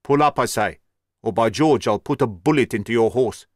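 A man's voice: mid-range voice, moderate pace, dry recording, studio quality, natural voice. A man doing a frantic, hot-tempered cyclist. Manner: shouting, frantic. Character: desperate bearded male cyclist, hot-tempered.

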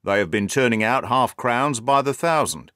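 A man's voice: mid-range voice, normal speed, fairly bright tone, clean tone, no room sound, studio quality, close to an everyday voice. A man reading the lines of a hearty, self-assured police inspector in a storybook. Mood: brisk.

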